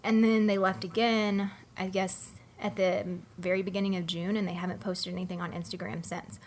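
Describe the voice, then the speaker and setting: A young woman co-hosting a podcast, telling a long story in a casual, animated way with many fillers. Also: medium pitch, normal speed, slight background noise. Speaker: podcast co-host. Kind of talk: casual chat.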